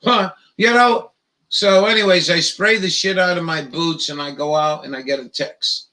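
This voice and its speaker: A man hosting a casual live stream, rambling in a profane, halting way with lots of restarts. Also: a little high, steady tone, sharp tone, rough recording.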